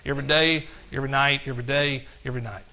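A male pastor preaching an exuberant sermon, shouting praise and reading scripture slowly and emphatically. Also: medium pitch, steady tone, creaky.

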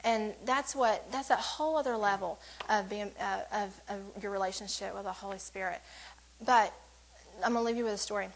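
A woman's voice: medium pitch, steady tone, fairly quick, poor audio. A woman giving a casual church devotional to women, rambling and interrupting herself with joking asides. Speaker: women's ministry speaker.

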